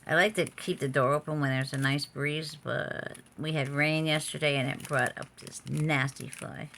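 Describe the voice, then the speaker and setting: Speaking at a moderate pace in a deep, steady voice with vocal fry and a slight brightness, a woman sells jewelry on a casual vlog. She's in a room at home with the door open and some background noise, chatting, muttering to herself, and exclaiming frequently.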